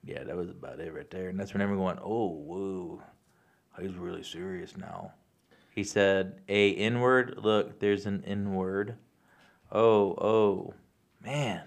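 A man's voice: deep voice, takes it slowly, gravelly. A young man co-hosting a podcast, chatting in a laid-back, joking way with plenty of swearing. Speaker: podcast co-host. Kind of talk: casual chat.

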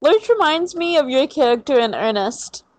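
Woman, podcast co-host, playful teasing chat, high lively voice. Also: normal speed, no room sound. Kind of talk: casual chat.

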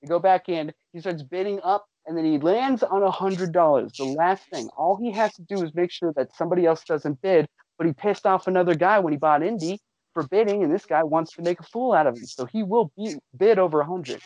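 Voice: mid-range voice, fairly quick, darkish tone, no echo. A podcast host giving a casual comedic recap of a show, incredulous and sarcastic, swearing freely. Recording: dull lo-fi recording.

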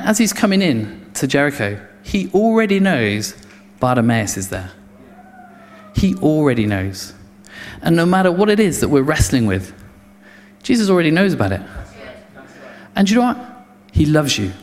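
Male preacher, slightly high voice, animated sermon with stumbling restarts and acted crowd voices, long hall reverb. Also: slight background noise.

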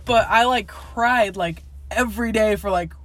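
Young woman, casual storyteller, rambles with constant fillers, swears freely, mid pitch. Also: unhurried, dry recording. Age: young adult. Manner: rambling, heavy filler words, laughs often, swears. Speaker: guest telling a personal story. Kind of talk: casual chat.

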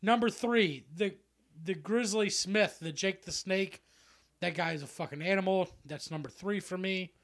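A man co-hosting a podcast, excitable and profane in casual chat, laughing often. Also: high-pitched, normal speed. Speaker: podcast co-host.

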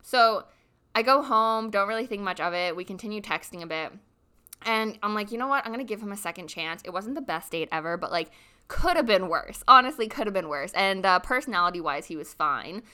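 A young woman in her twenties casually telling a dating story, animated and full of "like", acting out the other people's voices. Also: mid-range voice, a little fast, clean tone. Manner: animated, says "like" constantly, acts out voices.

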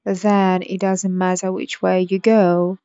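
A woman voicing a grinning, calm and riddling cat in a storybook reading, unhurried and matter-of-fact, on a dull lo-fi recording. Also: lowish voice, no echo.

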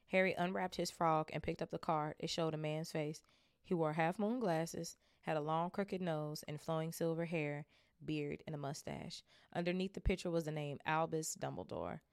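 Reading a novel aloud at normal speed for her book club podcast, a young woman keeps wandering into chatty tangents and curses casually. Her voice is deep and heavy with vocal fry, and the recording is close-miked and dry.

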